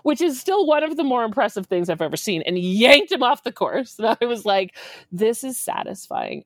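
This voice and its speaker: A woman in her forties telling a story in an animated way, acting out quotes and laughing often. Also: medium pitch, no echo, studio quality. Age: 40s.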